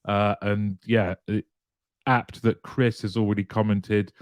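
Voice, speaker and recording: Chatty male host with a low, dry voice. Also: flat delivery, unhurried, clean tone, dry recording. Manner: chatty, greets viewers one by one, laughs lightly. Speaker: live show host. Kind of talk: casual live-stream chat, reading viewer comments aloud.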